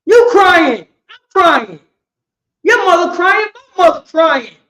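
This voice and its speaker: A woman teaching a religious law class in an impassioned preaching style, repeating herself with emphasis and swinging between shouts and quiet words. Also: extremely high pitch, big pitch swings, slow pace. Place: indoor meeting room. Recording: roomy, slightly dull lo-fi sound.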